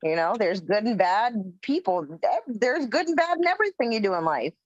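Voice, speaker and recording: A woman's voice: fairly high pitch, big pitch swings, fairly quick, no echo. A woman on a panel chatting emphatically and with strong opinions, swearing freely. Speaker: panel guest. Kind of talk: casual chat. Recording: dull lo-fi audio.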